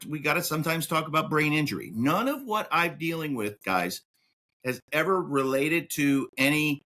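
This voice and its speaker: Excitable podcast host guy, kinda high, really bright voice. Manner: excitable, swoops up and down in pitch. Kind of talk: casual podcast chat.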